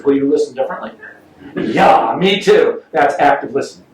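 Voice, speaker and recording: Guy doing a sales seminar, jokey, acts out the stories, kinda high voice, far off mic in an echoey room. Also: fairly quick, darkish tone. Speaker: sales trainer giving a talk. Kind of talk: live seminar talk to an audience. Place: meeting room with audience. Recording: roomy, distant mic with faint noise.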